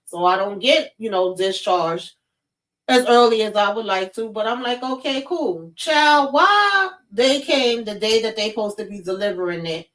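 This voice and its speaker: A woman hosting a vlog, telling a personal story in a casual, expressive and profane way, talking straight to her viewers. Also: mid-range voice, moderate pace, recorded from a distance, rough recording. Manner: expressive, profane, addresses viewers as child and y'all.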